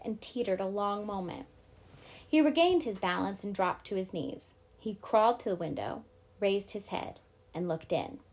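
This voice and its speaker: A woman teacher reading a novel aloud to her class, steady and clear. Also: medium pitch.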